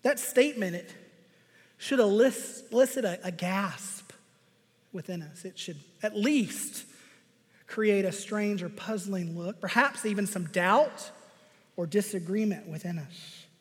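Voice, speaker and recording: A man preaching a sermon, measured and emphatic, with deliberate pauses. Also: high-pitched. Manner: measured, emphatic pauses, reads scripture aloud. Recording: reverberant hall.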